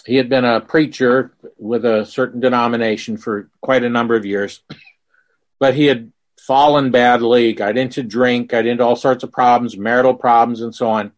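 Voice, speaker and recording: A man preaching a sermon in a slow, earnest way, telling stories with quoted dialogue to make his point. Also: mid-range voice, steady tone. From Mississippi.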